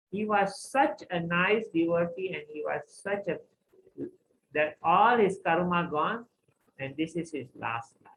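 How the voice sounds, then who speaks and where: Male teacher, somewhat high voice, animated storytelling, faint background hum. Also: poor audio. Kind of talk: storytelling in a scripture class.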